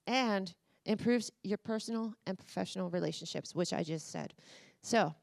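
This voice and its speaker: Leading voice exercises at a conference, a woman gives an energetic motivational talk and coaxes the audience, speaking to them directly. Her medium-pitched voice is creaky and moves at a normal speed in the conference room.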